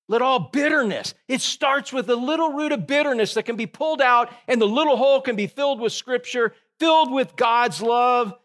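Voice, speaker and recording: A man preaches a sermon in a notably high voice. He drives his points home with animated energy, breaking off into joking asides with people in the congregation. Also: normal speed. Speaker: pastor.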